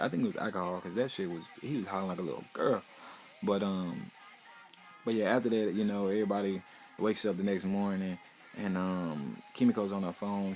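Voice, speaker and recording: A man's voice: sits low, darkish tone. Rambling young man recapping casually. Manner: rambling, loose and profane, heavy fillers like "you know". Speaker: anime recap vlogger.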